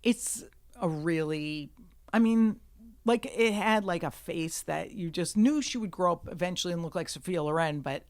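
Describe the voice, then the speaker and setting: Profane, animated woman comedian telling stories. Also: on the low side, moderate pace, dry recording, clean studio sound. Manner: profane, animated storytelling, bursts into shouting when acting out scenes. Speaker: guest comedian. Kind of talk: storytelling in a podcast conversation. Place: studio.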